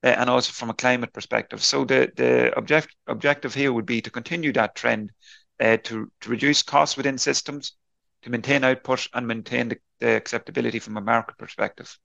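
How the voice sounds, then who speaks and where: A man answering interview questions on a podcast, explaining at length in a halting way with frequent restarts and fillers. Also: mid-range voice, steady tone, vocal fry, fairly bright tone, no room sound. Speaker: beef enterprise leader answering interview questions.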